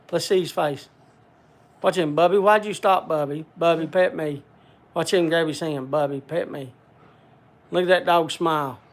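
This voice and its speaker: This livestream host's voice sits high and sounds fairly bright. He chats loosely with viewers, addressing them by name and reading their names aloud amid plenty of "uh" fillers.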